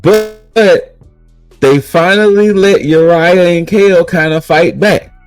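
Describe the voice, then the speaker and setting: A man's voice: sits high, slow, soft background music, poor audio. A man co-hosting a podcast, recapping in casual chat and rambling with repeated restarts. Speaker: podcast co-host recapping wrestling.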